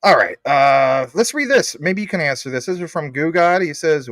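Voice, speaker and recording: A man's voice: on the high side, expressive, normal speed, few pauses, a bit bright, no room sound, clean studio sound. A man hosting a casual livestream, upbeat as he reads viewer comments aloud. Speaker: livestream host.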